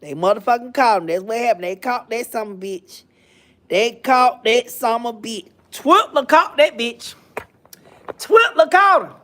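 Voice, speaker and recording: A man's voice: extremely high pitch, a bit bright. A man doing sassy, swearing gossip commentary on a live stream. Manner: sassy, swearing, drawn-out exclamations.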